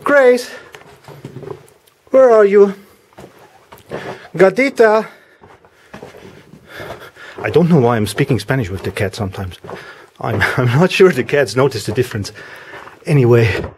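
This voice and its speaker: A man talking casually as he walks through a house, giving a vlog tour with a chatty, wry, deadpan humor. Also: medium pitch, brisk, slight background noise. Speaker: vlogger house sitting.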